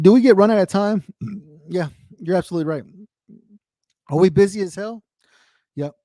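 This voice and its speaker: A man's voice: a little high, warm tone, dry recording, clean studio sound. A man from the United States, in his thirties, hosting a veterans' radio show and talking candidly in a rambling, earnest way that repeats itself. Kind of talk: candid casual talk to a co-host.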